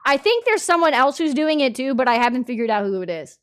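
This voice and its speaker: Animated young woman streamer reading chat. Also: high-pitched, fast, smooth. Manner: animated, jumps from mumbling to loud indignant outbursts. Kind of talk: casual live-stream chat, reading chat aloud.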